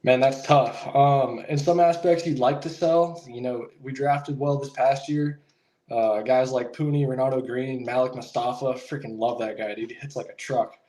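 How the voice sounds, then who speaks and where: A man's voice: medium pitch, steady tone, normal speed, warm tone, reverberant. A man calling in to a sports show, ranting in frustration in casual slang. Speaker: caller. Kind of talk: fired-up fan rant.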